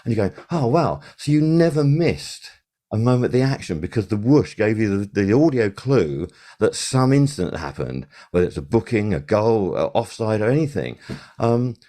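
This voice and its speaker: Low-voiced older man telling anecdotes. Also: very animated, moderate pace, dark tone. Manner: rambling anecdotes with many fillers and restarts. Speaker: podcast guest, sound supervisor. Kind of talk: casual interview.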